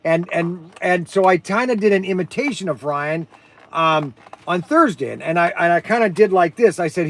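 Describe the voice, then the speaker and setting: Energetic man, high-pitched voice, rambling livestream host, lots of ums and restarts. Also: moderate pace, slight background noise. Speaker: host and shop owner. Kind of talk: casual livestream product talk.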